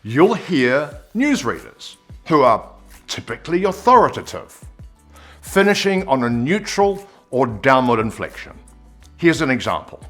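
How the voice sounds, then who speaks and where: A man giving an on-camera presenting lesson, expressive and demonstrating pitch and pace as he explains. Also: unhurried, soft background music. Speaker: presenter coach.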